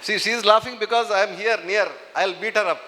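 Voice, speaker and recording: High, bright Indian English man in a hall. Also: fairly even intonation, fast, slight background noise. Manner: teasing, coaxing the audience. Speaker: police officer giving a talk. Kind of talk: motivational talk to students. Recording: echoey hall.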